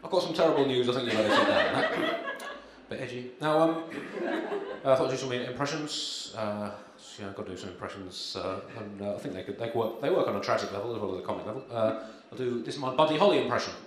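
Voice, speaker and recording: A male stand-up comedian with a dry, deadpan delivery, full of ums and little chuckles. His voice rings around a very echoey venue. Audible room ambience sits behind him. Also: medium pitch, quick pace, a little hiss or hum. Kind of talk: deadpan live stand-up set. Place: live comedy gig venue.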